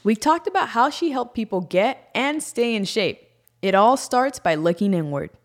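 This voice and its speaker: Woman, show host, scripted narration, fairly high voice, lively pitch swings, bright presenter read. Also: moderate pace.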